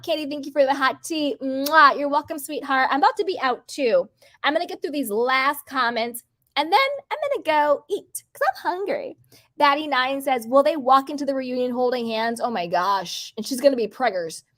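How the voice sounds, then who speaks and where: A woman hosting a casual livestream, reading out chat comments in a bubbly, gossipy way. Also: high voice. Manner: bubbly, gossipy, uses "like" a lot.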